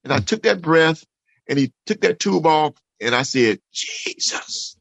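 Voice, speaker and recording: Gravelly, earnest man telling his story. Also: a little high, animated, moderate pace, dry recording. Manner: earnest, emphatic storyteller, repeats phrases, says "man" often. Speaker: interview guest. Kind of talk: emotional personal testimony in conversation.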